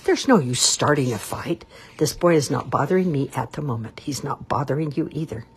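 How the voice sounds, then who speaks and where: A woman reading the part of a calm, sensible female swan on her nest in a storybook. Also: very deep voice, a little fast, slightly rough, full character voice. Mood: reasoning. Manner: level-headed, soothing.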